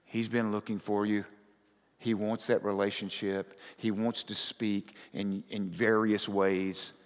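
A man preaching a conversational sermon as pastor, often rising to loud, fervent scripture reading. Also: on the low side, flat delivery, takes it slowly. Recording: reverberant hall.

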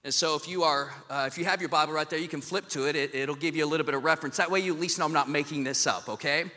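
Joking pastor preaching in an echoey hall. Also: male voice, on the high side, rapid-fire. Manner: casual, joking, animated storytelling. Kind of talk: sermon. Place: church sanctuary. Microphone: handheld mic. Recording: echoey hall, long reverb.

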